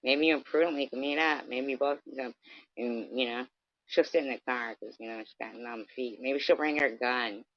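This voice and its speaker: A woman's voice: rumbling low, normal speed, no echo, dull audio. A woman delivering a confrontational, profane rant straight at someone on her livestream, sometimes mocking them. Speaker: vlogger.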